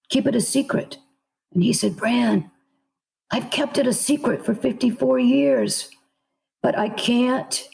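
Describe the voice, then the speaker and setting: Gravelly-voiced Southern woman telling a story. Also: medium pitch, dark tone, rough recording. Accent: Southern American. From American South. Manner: earnest, vivid storytelling with voiced quotes. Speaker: author guest. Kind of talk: storytelling in a podcast interview.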